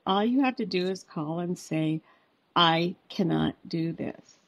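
A woman's voice: fairly low pitch, lively intonation, a little slow, creaky, dry recording. A woman guest author on a podcast, telling heartfelt personal stories and acting out what family members said. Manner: warm, heartfelt storytelling with quoted dialogue. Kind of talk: podcast interview storytelling.

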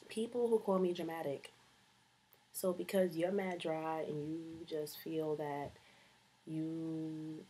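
Sassy, husky young woman ranting. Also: low voice, darkish tone. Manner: sassy, exasperated, slangy. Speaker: vlogger. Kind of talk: casual comedic rant to camera.

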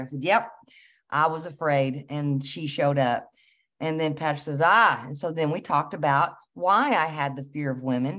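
A woman host telling a personal story in a casual, animated way, laughing as she recounts it. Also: low voice. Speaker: channel host. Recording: slightly dull lo-fi recording.

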